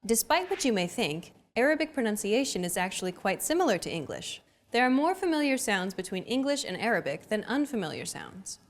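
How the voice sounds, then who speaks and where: A woman hosting a language lesson, explaining pronunciation in clear, scripted narration. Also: on the high side, sing-song, a little fast, few pauses, slight background noise. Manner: clear, explanatory teaching delivery.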